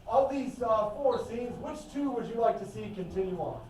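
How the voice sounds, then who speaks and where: A man with a high voice runs an improv show, brisk and organizing as he talks to the audience. The sound comes from a distant mic in a very echoey room with faint noise. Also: animated, darkish tone.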